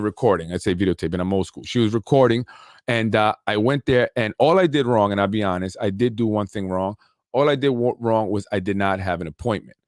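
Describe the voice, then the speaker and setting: A man hosting a talk show, telling a story in a casual, animated way with street slang and repeated points. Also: on the low side, dry recording, clean studio sound. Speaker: show host.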